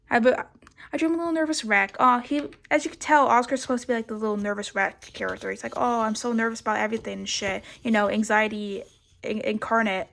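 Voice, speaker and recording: A woman's voice: on the high side, fairly even intonation, moderate pace, gravelly, long pauses, a bit bright. A young woman giving a casual, rambling sketchbook tour, swearing a lot and mocking herself. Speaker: vlogger.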